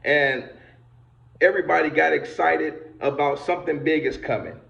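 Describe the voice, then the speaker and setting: Man, high gravelly voice, rousing motivational speaker with preacher fervor; echoey, lo-fi video call. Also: moderate pace. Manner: builds to shouting, preacher-like fervor.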